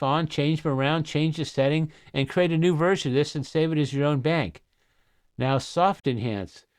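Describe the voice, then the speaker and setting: A man's voice: on the high side, a little mellow, low-quality recording. A man giving a casual, jokey demo of audio gear as a reviewer, asking the listener questions as he goes. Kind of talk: product demo talk.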